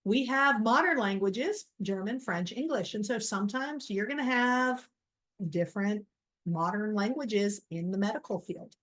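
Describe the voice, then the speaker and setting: A woman's voice: medium pitch, measured pace, fairly bright tone. Casual, self-deprecating woman lecturer. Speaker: college biology instructor. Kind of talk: recorded lecture over slides.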